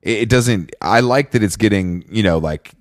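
Gossipy man with a low voice. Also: normal speed, dry recording, studio quality. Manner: chatty, gossipy, laughs often, trails off and restarts. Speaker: podcast co-host. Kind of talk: casual chat.

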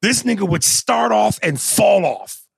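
Gravelly husky guy, voice jumps all over, swears a lot, casual chat, dry close sound. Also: high voice, a little slow, dry recording. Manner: animated, profane, emphatic.

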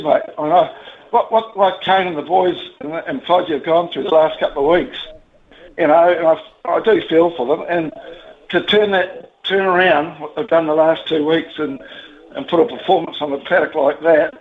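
A man with a New Zealand accent rings a radio talkback show, his voice a touch high and squeezed through a thin, tinny phone line. He talks bluntly and rambles, heart on his sleeve, with casual swearing. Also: moderate pace. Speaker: radio caller. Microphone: telephone.

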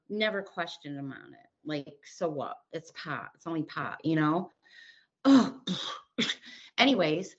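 A woman's voice: mid-range voice, fairly bright tone. Middle-aged woman, interview guest; blunt, candid storyteller who acts out dialogue; dull muffled audio. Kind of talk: personal recovery story.

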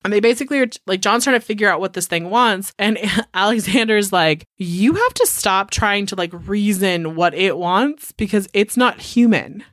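A young adult woman co-hosts a podcast, loosely recapping a film plot in casual chat, with studio-quality sound and no echo. Her medium-pitched, slightly bright voice is animated, at a moderate pace with few pauses, and her retelling is full of "like," other fillers and swearing.

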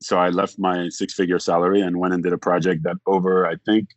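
A man talking as a podcast guest, telling a long story in a rambling way, acting out the other people's lines and filling pauses with "like". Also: low voice, level tone, no room sound. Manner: rambling, acts out quoted dialogue, frequent "like". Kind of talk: casual storytelling.

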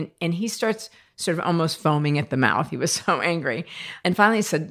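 An American woman, a podcast guest, telling workplace stories in a lively conversational way, often laughing as she talks. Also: low-pitched, quick pace, gravelly. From United States. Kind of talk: conversational storytelling interview.

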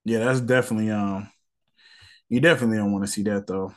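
A man's voice: fairly low pitch, fairly even intonation, fast talker. Male podcast host, casual slangy rant, irritated and rambling.

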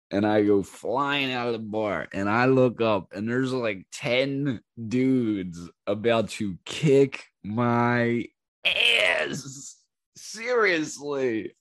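A podcast host tells wild stories in a casual, animated monologue, laughing as he goes, swearing freely and acting out the characters with raised voices. His voice is medium-pitched, and the recording is dry with clean studio sound.

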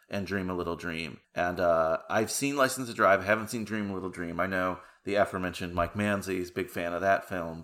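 A man's voice: on the low side, bright, forceful tone. A man hosting a casual movie podcast, talking with enthusiasm and laughing often. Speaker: podcast host.

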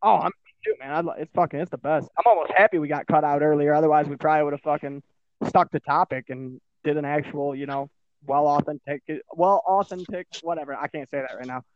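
A man's voice: on the high side, steady tone, quick pace, no echo, dull audio. An American man from Michigan hosting a podcast, talking in a loose, profane, rambling way. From Michigan, USA. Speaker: podcast host. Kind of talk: casual podcast chat.

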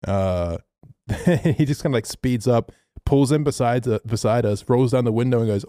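A man co-hosting a podcast, telling a story in a casual, animated way, swearing freely. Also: medium pitch, moderate pace, no room sound, clean studio sound. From Australia. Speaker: podcast co-host.

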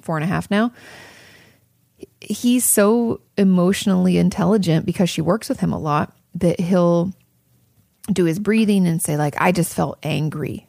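A candid woman therapist hosts a casual advice podcast. Her voice sits fairly low, with a gravelly fry running through it, and the sound is close and dry. She swears without hesitation and wanders off on tangents. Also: warm tone, dry recording. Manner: candid and frank, swears freely, drifts into tangents.

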